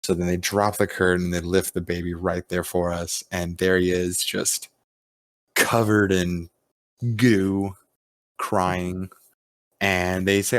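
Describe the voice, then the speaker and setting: Low-voiced man telling a story. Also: steady tone, unhurried, no echo. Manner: storytelling with acted-out quotes, swears freely. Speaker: podcast host. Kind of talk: casual chat.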